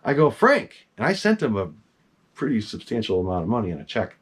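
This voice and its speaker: A middle-aged man, a collector, telling a long story about his masks in casual, excitable talk. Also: fairly low pitch, fast, slightly rough. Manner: animated, excitable, swears casually.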